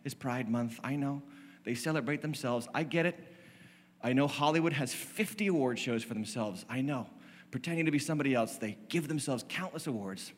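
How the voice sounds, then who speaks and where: Jesus, gentle and patient, as a pastor puts him on. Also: male voice, medium pitch, fairly quick, a little hiss or hum, close to an everyday voice. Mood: reassuring. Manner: soft, reassuring, conversational. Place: church stage. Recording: long reverb of a large hall.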